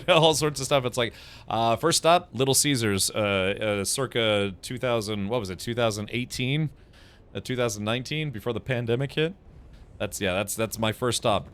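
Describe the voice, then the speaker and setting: Brief: male game streamer, middle pitch, chatty, rambling and laughing. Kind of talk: casual gaming stream chat.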